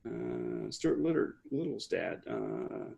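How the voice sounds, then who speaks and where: A man with a raspy, gravelly voice whose pitch swings a lot as he talks. He rambles through casual podcast chat and often stops to hunt for a word. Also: huge pitch swings, mellow. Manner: rambling, halting, restarts. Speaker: podcast co-host.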